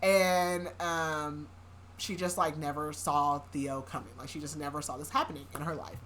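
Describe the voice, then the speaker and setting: A woman's voice: deep voice, steady tone, moderate pace, fairly bright tone, a little hiss or hum. A young woman hosting a podcast, recapping a novel in a chatty way, with sarcastic asides and frequent laughs. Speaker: podcast host. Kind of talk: casual book recap.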